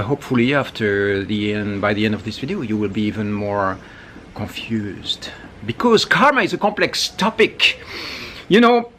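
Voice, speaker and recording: A man talking casually to camera as a spiritual teacher, animated, with frequent asides and restarts. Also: mid-range voice, slight background noise.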